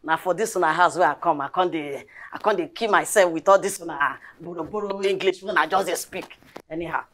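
An actress playing a cheeky, streetwise housemaid who speaks in Nigerian Pidgin and rants in a loud, drawn-out way. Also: female voice, fairly low pitch. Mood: boastful.

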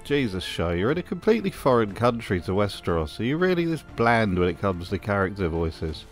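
A man's voice: on the low side, very animated, a little fast, soft background music. Sardonic male commentary host. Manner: sardonic, mocking. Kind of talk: comedic review commentary.

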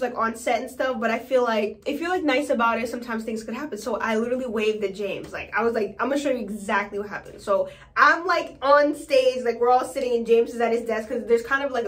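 A young woman from New York telling stories in a casual vlog, chatty and animated, acting out quotes in high squeals. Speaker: vlogger.

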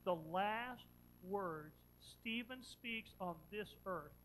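This sermon features a pastor with a mid-range voice who draws out his words while retelling a story with dramatic repetition, alternating loud stresses with quiet, earnest questions. The rough recording has slight background noise.

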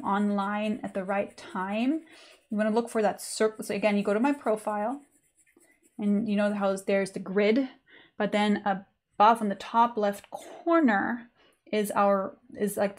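Chatty woman teaching a drawing lesson. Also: medium pitch. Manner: chatty, informal, many fillers. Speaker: art teacher. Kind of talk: live online drawing lesson.

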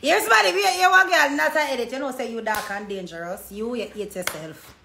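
Lively Jamaican woman on a phone livestream. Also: fairly high pitch, quick pace, gravelly. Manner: animated storytelling in patois, acting out quoted voices. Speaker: social media personality. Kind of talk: casual livestream chat. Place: hair salon, indoors. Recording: echoey room with faint background noise.

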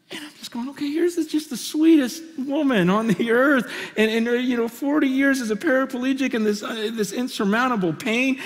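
A man preaching a conference sermon, impassioned and swinging between loud and hushed, often stammering and restarting phrases. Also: sits high. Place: conference hall. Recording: long reverb of a large hall.

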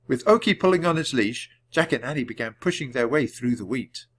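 A man narrating a children's chapter book in a clear, deliberate read-aloud. His pitch sits in the middle range but moves with lots of life. He paces each sentence carefully for language learners. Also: expressive, a bit bright. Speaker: storybook reader.

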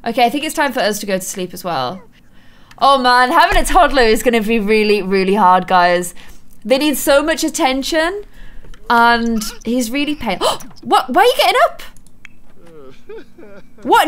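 A woman's voice: fairly high pitch, sing-song, unhurried, fairly bright tone. A young woman commentating a life-simulation game for her viewers, gushing and gasping often as she plays. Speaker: gaming channel host. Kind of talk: let's play commentary.

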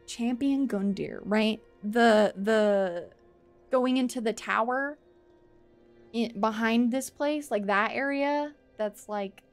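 Streamer woman, high voice, slow casual game chat, playful and theatrical, with faint game music. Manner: dramatic mock grief, playful and swearing. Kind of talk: casual gameplay commentary.

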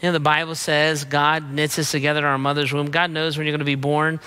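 A middle-aged man, a pastor, preaching an emphatic sermon with rapid-fire repeated refrains. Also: fairly high pitch, flat delivery, bright, forceful tone, smooth.

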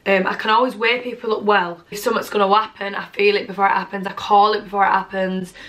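A woman, gushing excitedly through a casual gift haul at home and swearing freely. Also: mid-range voice, fast talker. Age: 20s. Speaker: vlogger.

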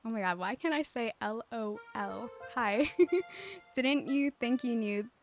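A woman with a slightly high voice chats with her stream viewers while playing a life-sim game. Her delivery is calm and cozy, loose and giggly, full of "like" and "um", with faint game music underneath. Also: a little slow. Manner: chatty, giggly, many filler words.

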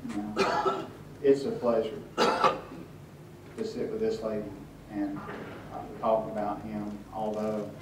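A man tells wry, halting stories to an audience at a hotel event, full of restarts. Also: on the low side, heavy background noise. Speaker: author speaking at a tribute event. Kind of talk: storytelling talk to an audience. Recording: echoey room from far off.

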